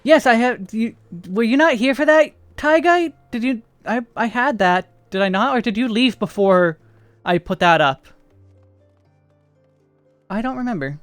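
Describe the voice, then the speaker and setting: A man's voice: very high-pitched, lively intonation, a little slow, fairly bright tone, dry recording, soft background music. An American man casually chatting and thinking aloud while streaming a game. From United States. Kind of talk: casual livestream chat while playing.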